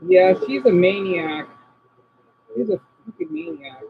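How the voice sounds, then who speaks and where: A man's voice: sits high, very animated, unhurried, creaky. An American man on a casual live stream, rambling in a scattered way as he reacts to his chat aloud. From United States. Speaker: livestreamer. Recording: dull lo-fi with faint hum.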